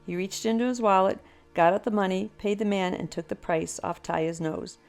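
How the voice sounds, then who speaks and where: Older woman narrator, children's story, expressive read-aloud, faint music under. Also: mid-range voice, normal speed, gravelly.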